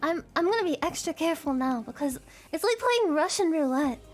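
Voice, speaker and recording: A woman's voice: sits high, animated, a little fast, darkish tone, faint music behind. A woman streamer in a casual chat, rambling and giggly, swearing freely.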